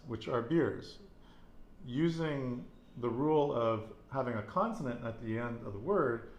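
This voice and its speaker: A man's voice: medium pitch, slow pace, darkish tone, echoey room, a little hiss or hum. A man teaching a casual Spanish lesson, patiently repeating words and quizzing his student.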